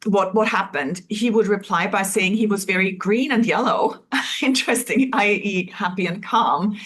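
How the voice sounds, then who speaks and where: A woman's voice: mid-range voice, normal speed, fairly bright tone, slight background noise. A woman parent asks a question, hesitant and searching for her words. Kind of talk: question to a guest.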